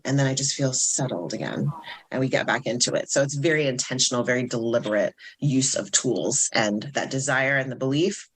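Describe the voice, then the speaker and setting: A woman speaking as a self-esteem coach in a guest interview, telling stories in an animated, upbeat way. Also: extremely low pitch, fairly quick, slightly rough. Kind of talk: casual interview chat.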